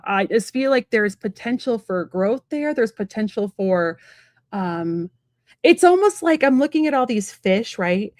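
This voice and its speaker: A woman giving a live-stream tarot reading from home, talking fast and rambling in a chatty way with many fillers. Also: medium pitch, no room sound, studio quality. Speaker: psychic medium and tarot reader.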